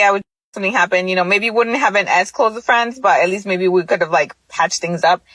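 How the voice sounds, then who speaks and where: A woman's voice: medium pitch, fairly bright tone, slightly rough, dry recording, rough recording. A woman in her thirties casually telling a personal story, chatty and full of filler words. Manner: chatty, lots of filler likes.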